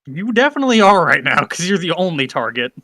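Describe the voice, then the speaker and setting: A man's voice: on the high side, big pitch swings, quick pace, noisy background. A man playing a tabletop game with blunt, joking banter. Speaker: player. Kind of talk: casual game chat.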